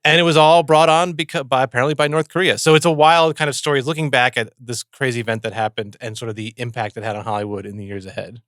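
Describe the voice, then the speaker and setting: A male podcast guest talks quickly and loosely, piling up "like" and "you know" as he tells a story. His voice sits in a middle register and sounds close and dry. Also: medium pitch, fairly even intonation, a bit bright, dry recording. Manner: chatty, storytelling, many fillers. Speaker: podcast guest and host of a series. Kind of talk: casual chat.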